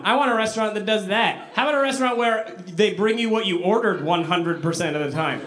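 High-voiced man doing stand-up comedy. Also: quick pace, few pauses, a little hiss or hum. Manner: animated, acts out voices in his stories. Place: comedy club with a live audience. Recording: echoey room, live audience laughter.

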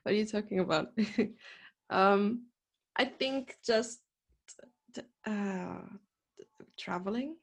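A young woman with a South African accent talks in a loose, rambling podcast chat. She giggles easily and pokes fun at herself, her pitch sitting in the middle of a woman's range. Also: slow, long pauses. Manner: giggly, rambling, self-deprecating. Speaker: chess coach, podcast guest.

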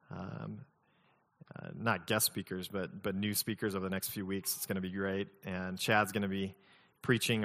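A man's voice: low voice, a bit bright, long reverb tail. A man preaching a sermon as pastor, conversational, mixing scripture reading with humorous personal stories.

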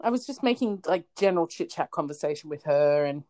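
A woman's voice: low-pitched, animated, brisk, darkish tone. A woman co-hosting a podcast, telling a story in casual chat and often laughing. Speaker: podcast co-host.

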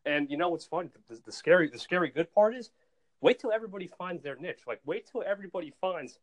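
Man, casual podcast host, higher voice, fired-up storyteller, trips over his words. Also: fast talker. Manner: excitable, animated storyteller; stumbles and repeats words. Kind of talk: casual chat.

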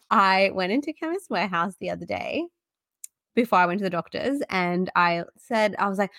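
A woman, co-hosting a podcast and telling stories in a lively way, laughing often. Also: medium pitch, fairly quick, no room sound, studio quality. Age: 30s. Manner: animated storyteller, acts out quotes, laughs often. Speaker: podcast co-host. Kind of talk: casual chat.

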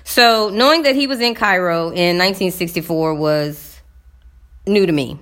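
A woman's voice: on the low side, moderate pace, a bit bright. A woman vlogger casually recounting a visit, rambling and talking straight to her viewers with frequent fillers.

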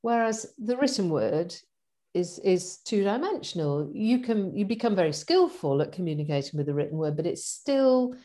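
A middle-aged woman in casual conversation, chatty and animated, laughing often as she talks about her events. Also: medium pitch, moderate pace. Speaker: event organizer and guest.

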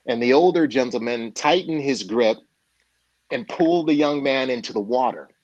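A man slowly telling a story with a steady, mid-pitched voice. He pauses often and fills the gaps with ums and uhs. The sound is dry and close. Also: dry recording, highs cut off. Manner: measured, halting storyteller with frequent fillers. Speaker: guest speaker and author. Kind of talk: storytelling in a conversation.

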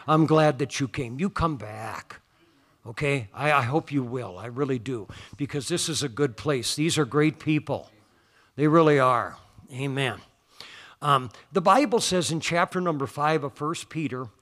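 A man preaching a folksy, emphatic sermon in a church. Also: medium pitch. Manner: folksy, emphatic, rising to loud declarations.

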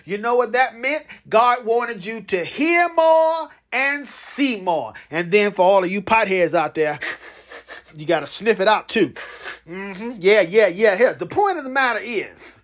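A male podcast host reading casual announcements in an animated, preacher-like manner, calling out for the listener to repeat after him and stumbling over his own words now and then. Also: high-pitched, measured pace. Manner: animated, preacher-like call and response; stumbles and corrects himself.

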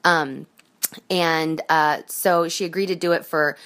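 A woman leaves a voicemail full of gushing thanks, pausing often on small fillers. Her voice is quite low. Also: steady tone, a bit bright. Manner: effusive, grateful, hesitant with fillers. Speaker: caller leaving a voicemail. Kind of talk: recorded voicemail message.

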